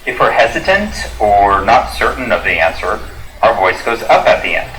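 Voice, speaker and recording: A fairly low male voice with a bright, forward tone swings widely in pitch as he explains grammar rules in a scripted course dialogue. His delivery is clear and instructive, and the recording carries a roomy echo. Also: big pitch swings, normal speed.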